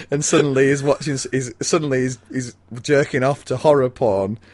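A man's voice: medium pitch, fairly even intonation, moderate pace, a little mellow, no echo. Rambling man in a dry room. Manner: rambling, bawdy, giggly storytelling. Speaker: podcast co-host. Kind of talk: casual chat about a mystery novel.

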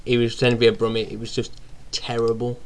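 A young man co-hosting a casual radio podcast, relaxed and chatty, telling stories with his co-host. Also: medium pitch, quick pace, creaky. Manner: relaxed, storytelling, agreeable. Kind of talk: casual chat.

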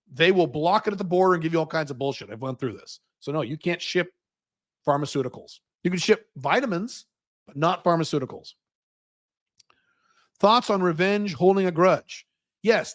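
A man's voice: a little high, fairly bright tone. A man hosting a livestream Q&A, answering viewer questions in a blunt, profane, opinionated way. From United States.

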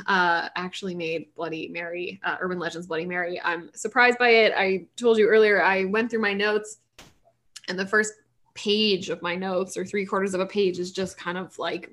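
A woman co-hosting a podcast, chatting casually about films in an animated, ranting way. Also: mid-range voice. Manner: animated, ranting, quick asides and laughs. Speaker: podcast co-host. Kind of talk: casual movie chat.

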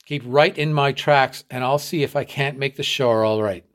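A man's voice: mid-range voice, normal speed, natural voice. A man reading the part of an adult superintendent guiding a boy, firm and reassuring. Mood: urging. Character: steady, encouraging adult male superintendent and guide.

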